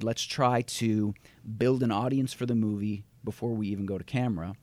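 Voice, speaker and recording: A man from Newfoundland who talks in a neutral accent, chatting as a podcast guest in an animated, storytelling way with quick restarts. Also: lowish voice. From Newfoundland, Canada. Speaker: guest filmmaker. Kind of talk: casual interview chat.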